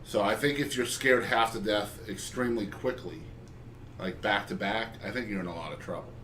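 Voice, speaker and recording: A man's voice: on the low side, normal speed, fairly bright tone. A man hosting a casual interview, joking and bantering playfully with his guests. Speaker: podcast host. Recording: roomy, distant mic, faint noise.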